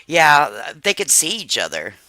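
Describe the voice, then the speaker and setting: A woman's voice: low-pitched, very animated, unhurried, bright, forceful tone, dry recording. A middle-aged woman hosting a live stream, chatting casually with viewers, laughing often and swearing freely. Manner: frank and talkative.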